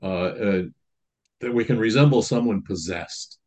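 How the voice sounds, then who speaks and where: A man's voice: lowish voice, measured pace, a little mellow. A man priest giving a sermon in a conversational teaching manner, reading quotations aloud and explaining them.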